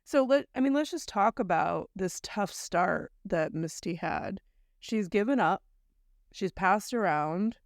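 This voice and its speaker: A woman's voice: medium pitch, animated, unhurried, gravelly, no room sound, clean studio sound. A woman co-hosting a podcast, recounting a story in long chatty chains and speaking bluntly, with mild swearing. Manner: conversational, recounting events in long run-on chains. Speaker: podcast co-host. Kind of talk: casual chat recapping a story.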